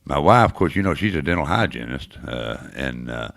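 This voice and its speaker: A man's voice: rumbling low, animated, brisk, creaky, a bit bright, no room sound, studio quality. A man in his sixties hosting a morning radio show, talking in a folksy, rambling way with lots of uhs. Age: 60s or older. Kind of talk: casual morning radio chat. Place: radio studio.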